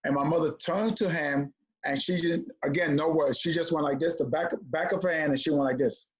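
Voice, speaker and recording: A man telling a childhood story in a conversation, animated as he acts out the voices of the people in it. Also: fairly high pitch, fairly quick. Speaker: comedian guest. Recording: dull lo-fi audio.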